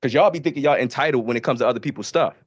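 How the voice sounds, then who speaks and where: A man from Baltimore, a podcast co-host, telling stories in a profane, animated casual way. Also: medium pitch, very fast, no room sound, dull audio. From Baltimore, USA. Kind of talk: casual storytelling.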